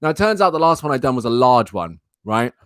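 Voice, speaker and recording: A man's voice: medium pitch, big pitch swings, fast talker, a bit bright, no echo, studio quality. A young man hosting a live talk stream, telling a rambling, exasperated story and repeating himself for emphasis. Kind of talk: casual ranting anecdote.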